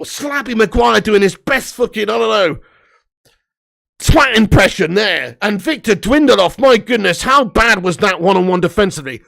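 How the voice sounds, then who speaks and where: A man's voice: sits high, animated, brisk, creaky, fairly bright tone. A young man hosting a live football watch-along, commentating and ranting with lots of swearing. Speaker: fan watch-along host.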